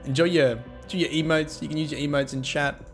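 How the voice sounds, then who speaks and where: A man's voice: on the high side, fairly even intonation, quick pace, soft background music. A man streaming a game and chatting casually with his viewers, cheeky and joking as he thanks them and teases the chat.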